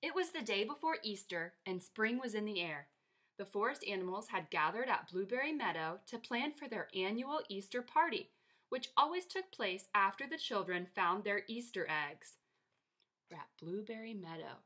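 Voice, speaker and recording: A woman teacher reading a children's picture book aloud to her class in a lively, expressive way. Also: mid-range voice, normal speed.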